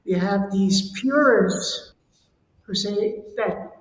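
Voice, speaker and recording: A host chatting with a juror, adding a measured aside about musical purists. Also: medium pitch. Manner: brief agreeing replies, then a measured aside. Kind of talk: conversational hosting. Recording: roomy echo with long reverb, faint noise.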